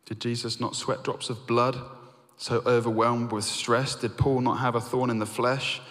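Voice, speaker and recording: An earnest man delivers a sermon at a middling pitch, his voice swelling on key points and sinking low and quiet on reflective ones. His words ring out with a long hall reverb behind them. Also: level tone, normal speed. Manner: earnest, rising to emphatic then dropping to hushed. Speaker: preacher.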